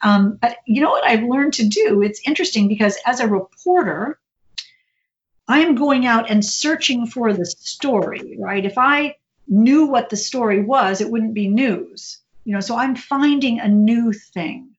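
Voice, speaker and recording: A woman's voice: a little high, a little slow. Chatty woman author on a lo-fi line. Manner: animated, chatty, many restarts. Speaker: author and reporter guest. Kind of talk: casual interview talk.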